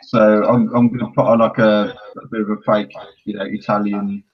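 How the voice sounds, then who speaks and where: A man's voice: fairly low pitch, level tone, normal speed, slightly rough. A man playing a tabletop game, talking hesitantly with many fillers and a polite tone. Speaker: tabletop player. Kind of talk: in-character roleplay and table talk. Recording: dull lo-fi recording.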